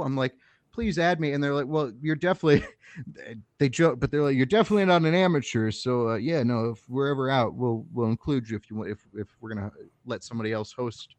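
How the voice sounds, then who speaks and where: A man's voice: mid-range voice, quick pace, a little mellow, no echo. A young man from Oklahoma telling crude, self-mocking stories on a podcast, laughing through them. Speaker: podcast guest, comedian. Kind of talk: casual storytelling chat.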